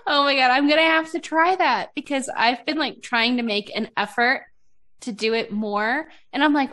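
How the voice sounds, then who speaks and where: A woman's voice: on the high side, normal speed, fairly bright tone. A woman in her thirties hosting a podcast, chatting casually, laughing often and peppering her talk with "like". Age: 30s. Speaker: podcast host. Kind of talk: casual chat.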